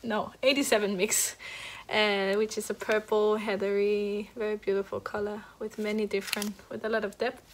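A woman hosting a knitting podcast, chatting casually about her projects, halting with many fillers and restarts and a little out of breath. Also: medium pitch, flat delivery, slight background noise. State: slightly out of breath. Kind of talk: casual show-and-tell chat. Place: at home next to a heater.

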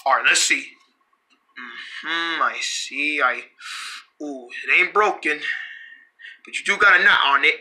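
A man voicing a gruff, unflappable male doctor who talks in a slow, matter-of-fact drawl. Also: a little high, bright, forceful tone, a little hiss or hum, pitched below the performer's own voice. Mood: examining.

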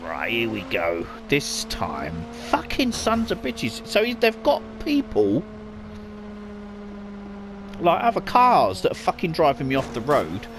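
A gamer with a medium-pitched voice delivers frantic let's play commentary at an unhurried pace, his pitch swinging wildly as he swears constantly and apologizes again and again. Game music and car noise play in the background.

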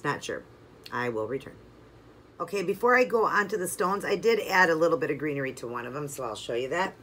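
A nail art channel host talking viewers through each step of a toe design while working, chatty and relaxed, sometimes drifting away from the mic. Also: mid-range voice, a little hiss or hum. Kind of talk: step-by-step craft tutorial.

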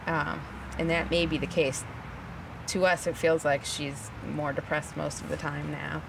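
Low gravelly mother, distant and noisy. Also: little pitch movement, measured pace. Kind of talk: casual home talk.

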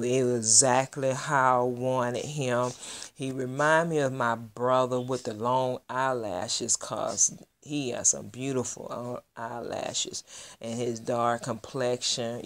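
A woman vlogger telling a heartfelt, gushing story in a casual chat, close to tears. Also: extremely low pitch. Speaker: doll collector vlogger. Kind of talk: casual vlog reveal.

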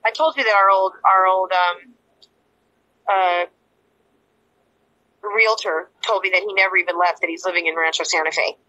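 A woman's voice: on the low side, steady tone, moderate pace, pauses often, sharp tone, lo-fi sound. A woman interview guest giving an emotional personal account, rambling and repeating herself as she acts out quoted dialogue.

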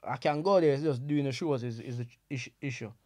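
A Jamaican-accented comedian chatting as a podcast guest, spinning animated stories in patois. His voice sits in a middle register and stays conversational. He restarts phrases often as he talks. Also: medium pitch, brisk. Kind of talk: casual podcast storytelling.

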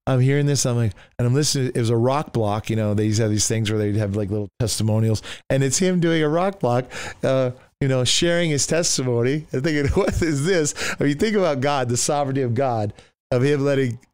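Pastor, male, animated storyteller; smooth, resonant, close and dry. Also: mid-range voice, quick pace, no room sound. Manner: animated, acts out voices, many restarts. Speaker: pastor telling his testimony as a guest. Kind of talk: storytelling testimony.

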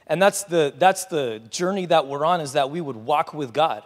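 A man with a fairly high voice gives a sermon in a relaxed, chatty manner, dropping in offhand asides. His voice carries a long reverb from the church hall. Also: moderate pace, hardly any pauses. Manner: casual, chatty preaching with asides. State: out of breath. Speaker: pastor.

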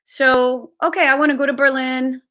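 A woman's voice: sits high, little pitch movement, normal speed, sharp tone. A woman hosting a live-streamed budgeting tutorial from her basement, chatty and thinking aloud as she shares her screen. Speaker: travel budgeting host. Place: home basement.

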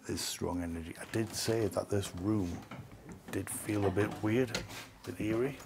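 A man hosting a ghost-hunting vlog, talking in a hushed voice as he walks through the rooms of an old mansion. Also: on the low side, measured pace, gravelly, noisy background. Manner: hushed, keeping his voice down. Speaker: paranormal investigator host. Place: rooms of a large historic mansion, indoors.

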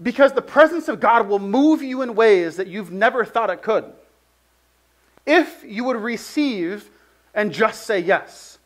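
A man with a strikingly high voice preaches in an easygoing, chatty way. He fills his sentences with "like" and tells stories with animation. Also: unhurried. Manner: conversational, heavy use of "like", animated storytelling. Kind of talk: casual sermon with personal story.

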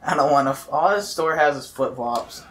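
A man's voice: fairly high pitch, animated, normal speed. A young man co-hosting a let's play, crude and joking. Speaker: co-host. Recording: voice a bit off-mic with faint hiss.

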